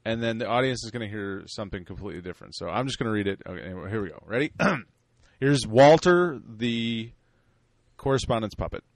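Man, podcast host, joking, lively pitch, dry recording. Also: brisk, dry recording. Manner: joking, animated. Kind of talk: casual podcast chat.

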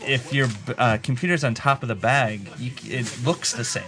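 A man's voice: medium pitch, moderate pace, a bit bright. A man co-hosting a podcast in casual, jokey chat, swearing and laughing often. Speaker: podcast co-host.

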